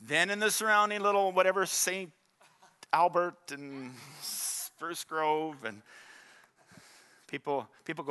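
A man, preaching a sermon in an animated, joking storytelling way and drawing in the congregation. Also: on the high side, slow pace, pauses often, clean tone. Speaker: pastor.

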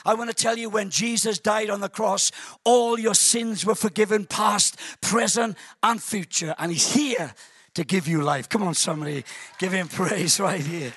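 A man preaching a sermon to a congregation in a church hall, dramatic and calling out to the crowd, often bursting into shouts. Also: high voice, normal speed, slightly rough, studio quality.

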